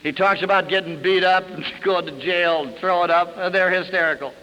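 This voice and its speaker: Man, middle-aged, high voice, very bright and forceful tone, folksy storytelling speaker, old hall recording with long echo. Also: steady tone, a little fast. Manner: folksy storytelling, chuckling, dropping low and soft for sad memories. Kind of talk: recovery talk to an audience. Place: conference hall. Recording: old 1971 tape in a hall.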